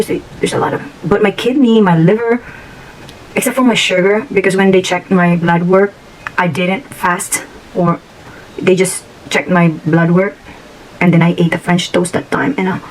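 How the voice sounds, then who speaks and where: A middle-aged woman with a hoarse, fairly low voice talks casually to her vlog audience. She rambles and restarts her sentences often. A faint background hiss runs under the recording. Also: low-quality recording. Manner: rambling and candid, with frequent restarts. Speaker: vlogger. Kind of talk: casual chat.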